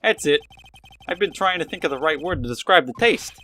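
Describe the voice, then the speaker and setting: A man's voice: a little high, expressive, fairly quick, bright, forceful tone, slight background noise. A man voicing a bumbling, earnest male police detective, stammering and calling people "pal". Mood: rueful. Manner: stammering, ends lines with "pal". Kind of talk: reading game dialogue aloud.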